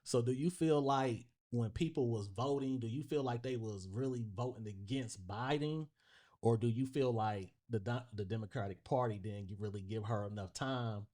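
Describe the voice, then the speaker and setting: A man hosting a podcast, asking questions in a relaxed way and answering with short okays. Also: mid-range voice, normal speed. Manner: relaxed questioning with "um" and "okay" acknowledgments. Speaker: podcast host. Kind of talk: casual interview questions.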